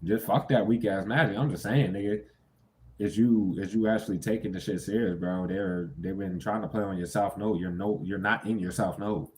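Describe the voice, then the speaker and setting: A man's voice: fairly low pitch, fairly even intonation, normal speed, a little mellow, a little hiss or hum. A young man giving a casual tarot reading, talking bluntly and with heavy profanity, breaking into sudden incredulous outbursts. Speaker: tarot reader.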